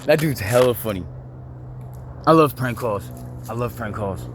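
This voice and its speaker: A man's voice: medium pitch, lively intonation, unhurried, faint music behind. Rambling young man. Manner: rambling, heavy use of "like", laughs easily. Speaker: vlogger. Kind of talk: casual rambling monologue.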